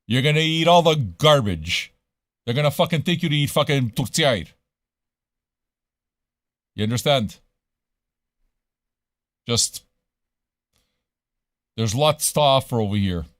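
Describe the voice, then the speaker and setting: A man's voice: medium pitch, animated, slow pace, long pauses, no echo, clean studio sound. Profane, rambling man. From Montreal, Canada. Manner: profane, rambling, switches into French. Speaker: radio show host. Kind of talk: casual livestream chat.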